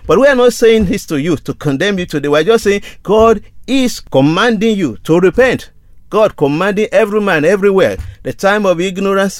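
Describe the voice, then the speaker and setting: An earnest man preaching, his voice sitting a little higher than most men's. He leans on repeated phrases and reads scripture in old-fashioned wording. The sound is dry and close, with no room around it. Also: dry recording. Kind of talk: sermon.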